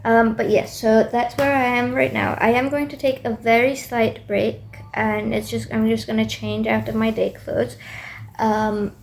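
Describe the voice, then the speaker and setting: A woman's voice: on the high side, little pitch movement, a little slow, gravelly, a little hiss or hum. A young woman student chatting casually in a video diary, rambling with lots of fillers. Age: young adult. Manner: rambling, self-talking with many fillers. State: tired late at night. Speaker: student vlogger.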